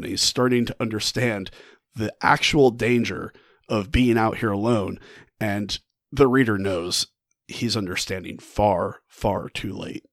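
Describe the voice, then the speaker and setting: A man casually retelling a classic short story with animated energy, laughing often and restarting his phrases. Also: fairly low pitch, measured pace, no echo, studio quality. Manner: animated, retells the story with mock-quoted thoughts. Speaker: book vlogger. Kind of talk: casual book discussion.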